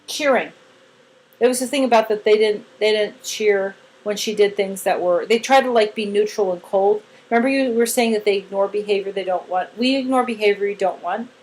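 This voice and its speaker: A woman's voice: mid-range voice, brisk, darkish tone, low-quality recording. A woman giving a casual one-on-one training session to a new team member, chatty and demonstrative as she acts out examples.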